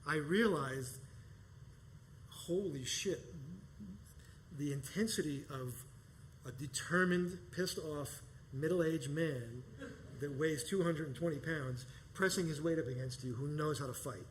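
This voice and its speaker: A man telling a personal story live on stage, animated and profane, often breaking into laughter. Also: on the high side, a little slow, a little hiss or hum, poor audio. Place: performance space stage.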